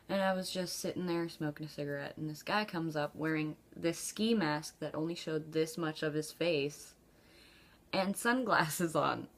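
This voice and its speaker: A woman vlogger telling a personal story in a casual, chatty way, with frequent laughs and ums, jumping up in pitch when she acts out quoted lines. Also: a little hiss or hum.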